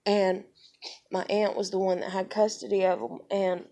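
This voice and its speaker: A woman's voice: medium pitch, flat delivery, normal speed, dark tone. A young woman, telling a heated personal story on her vlog, swearing freely and quoting others as she goes. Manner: heated, profane, quotes others. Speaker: vlogger.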